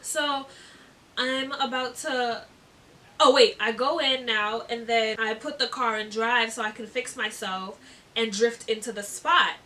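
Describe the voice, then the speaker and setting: A young woman chats through a story in a bright, high voice, giggling and leaning on fillers. She is recorded from a little distance, with faint noise behind her. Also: steady tone, unhurried. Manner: chatty, giggly, lots of fillers. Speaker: vlogger. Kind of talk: casual storytime.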